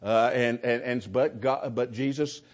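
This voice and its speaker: A man's voice: mid-range voice, steady tone, a little slow. A man teaching a Bible class without a script, earnest and stumbling over repeated words as he goes. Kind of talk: unscripted Bible class lesson. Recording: dull lo-fi class recording.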